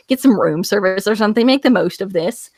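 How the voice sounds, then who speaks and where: A woman's voice: mid-range voice, lively intonation, fast, dry recording, studio quality. A woman voicing a flustered, reluctant woman antihero with a Southern accent, rambling as she justifies herself. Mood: self-justifying. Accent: American Southern. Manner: rambling self-justifying drawl.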